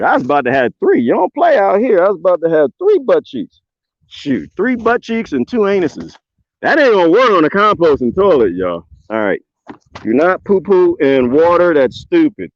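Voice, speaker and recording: A man, ranting loudly in a casual livestream with folksy swearing. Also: on the high side, dry recording. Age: 20s. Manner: loud, animated, swearing, folksy drawl. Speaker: livestream host. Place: outdoors on a homestead. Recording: dull lo-fi dry sound.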